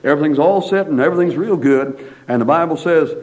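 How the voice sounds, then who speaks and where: A man preaches in a folksy, animated way, leaning on asides and repetition. His voice sits fairly high for a man. The recording is dull and lo-fi. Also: fast. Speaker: pastor. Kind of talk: sermon.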